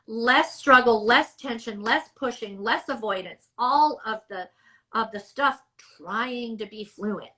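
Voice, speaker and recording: Slow, bright-voiced woman therapist. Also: on the high side, poor audio. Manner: measured, emphatic explaining. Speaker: speech therapist. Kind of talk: podcast interview answer.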